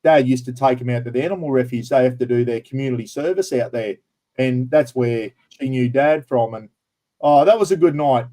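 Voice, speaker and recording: A man with an Australian accent hosting a casual livestream chat and prize draw, matey and quick to laugh. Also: medium pitch, warm tone. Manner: chatty, matey, laughs easily. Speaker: livestream host.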